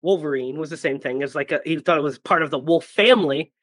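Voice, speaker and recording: A man's voice: on the high side, quick pace, a bit bright, no room sound. A man hosting a podcast in casual chat, joking and laughing often. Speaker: podcast host.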